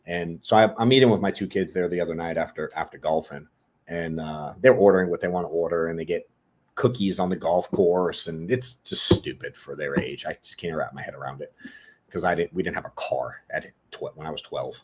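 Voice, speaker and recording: A man's voice: low voice, a little fast. Blunt, profane middle-aged man. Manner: blunt, profane, animated storytelling. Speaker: podcast co-host. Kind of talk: casual podcast monologue.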